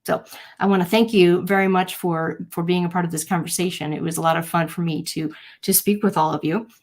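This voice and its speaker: Woman hosting a live talk, kinda low voice, earnest, acts out quotes in her stories. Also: brisk. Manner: earnest, storytelling, animated quotes. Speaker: host. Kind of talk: live-stream talk to an audience.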